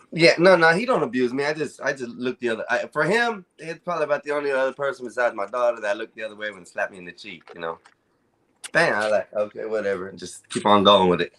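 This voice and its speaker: A man with a deep, groaning voice and a Mexican-American accent, joking around on a live stream. He talks in a relaxed drawl and keeps dropping a casual "bro". His pitch sits right in the middle for a man. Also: quick pace. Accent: Mexican-American English. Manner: laid-back, drawling, repeats "bro". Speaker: stream guest.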